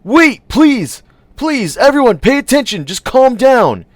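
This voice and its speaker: A man voicing a frantic young bandmate who yells high and urgent at a crowd. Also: big pitch swings, unhurried, dry recording, full character voice. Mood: alarmed.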